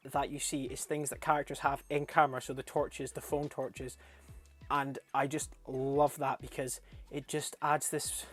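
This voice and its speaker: A young man rambles through a film review at an ordinary middle pitch. He swears freely and gets animated and laughs when something tickles him. Faint music plays quietly behind him. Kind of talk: casual film review vlog.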